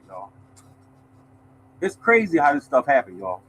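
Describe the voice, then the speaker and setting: A man's voice: a little high, huge pitch swings, measured pace, a bit bright, slight background noise, rough recording. A man hosting a lottery podcast in a casual, emphatic monologue, repeating his points and calling listeners y'all.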